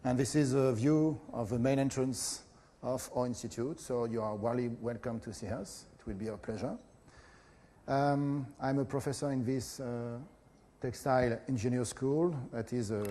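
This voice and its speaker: A middle-aged man with a French accent, a professor giving a conference lecture in a hesitant way with many pauses and filler sounds. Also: mid-range voice, steady tone, warm tone.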